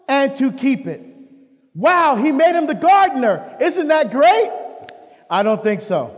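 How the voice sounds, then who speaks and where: A man from the United States preaching a sermon as a deacon, lively and full of rhetorical questions. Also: extremely high pitch, big-room sound.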